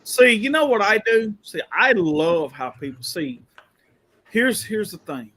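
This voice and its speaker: A man's voice: sits high, big pitch swings, measured pace, bright, forceful tone. Man ranting with profanity. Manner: profane, emphatic opinions. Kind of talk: casual chat.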